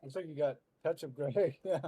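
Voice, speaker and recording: A man's voice: a little high, a little fast, breathy edge, no echo. A man co-hosting a gaming stream, joking around and swearing while he plays. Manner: joking, swears, distracted by the game. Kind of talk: casual gaming stream chat. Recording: loud background noise.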